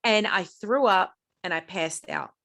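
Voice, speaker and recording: A middle-aged woman, a podcast guest, telling a personal story in a high-strung, animated way, jumping in pitch when she quotes herself. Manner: animated, acts out quoted voices with big pitch jumps; high-strung, fast-talking. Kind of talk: storytelling in an interview.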